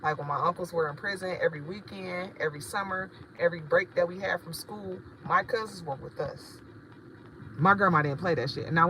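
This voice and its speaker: A woman's voice: fairly low pitch, fairly bright tone, a little hiss or hum, poor audio. A woman, rambling casually and profanely to her livestream viewers as a spiritual shop owner. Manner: rambling, chatty, profane, addresses viewers directly.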